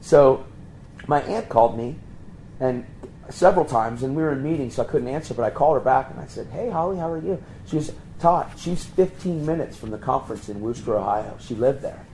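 A man preaching, telling a story and acting out the voices of the people in it with sudden high jumps in pitch. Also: expressive, a little fast, warm tone, slight background noise, poor audio. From Pennsylvania. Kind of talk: storytelling sermon.

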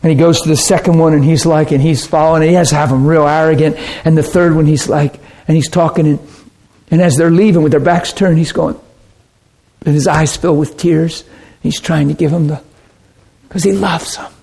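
A man preaching a sermon, animated and chatty, acting out harsh voices and laughing often. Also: on the high side, a little fast, creaky.

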